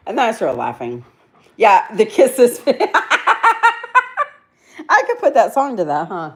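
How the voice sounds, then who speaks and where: A woman's voice: fairly low pitch, sing-song, a little slow. A middle-aged woman, chatting casually with viewers on a livestream and laughing often at herself. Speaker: livestream host.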